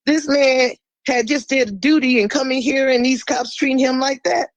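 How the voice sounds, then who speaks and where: A blunt, fiery woman talks as a guest on a podcast and swears freely. Her voice sits a little high. The sound is close and dry. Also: steady tone, dry recording, rough recording. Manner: emphatic, with sudden drops to a low, slow voice. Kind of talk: impassioned podcast conversation.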